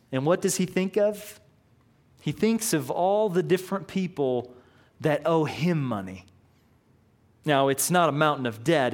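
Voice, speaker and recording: A man preaching a sermon, telling a parable in an earnest, storytelling way with frequent restarts. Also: on the high side. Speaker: pastor.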